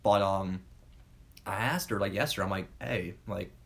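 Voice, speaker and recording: Young man, casual chat, slangy and laid-back, lowish voice. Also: moderate pace, gravelly.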